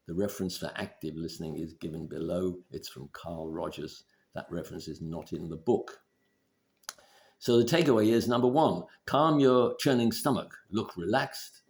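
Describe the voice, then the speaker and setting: A man giving relationship advice in a measured, deliberate instructional talk. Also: low-pitched, creaky. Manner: measured, deliberate, steady explaining.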